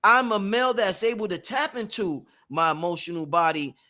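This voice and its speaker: High-voiced emphatic preachy man. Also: expressive, moderate pace, sharp tone. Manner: emphatic, preachy, profane street talk. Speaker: host. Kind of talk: motivational workshop talk.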